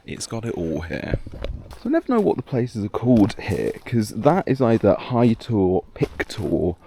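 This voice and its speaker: A man with a low voice talks casually to a handheld camera while walking a hill path. He rambles and mocks himself, swears now and then, and sounds a little out of breath. Clear wind and outdoor noise run behind him. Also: mellow. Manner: rambling, self-mocking, sweary. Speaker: vlogger. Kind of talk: casual hiking vlog.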